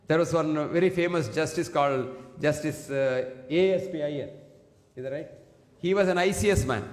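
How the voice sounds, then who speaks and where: A man giving an emphatic public health talk to an audience, standing at a single microphone and often asking the listeners questions. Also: on the high side. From India. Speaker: speaker addressing an audience. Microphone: single fixed microphone, standing. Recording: echoey hall with long reverb.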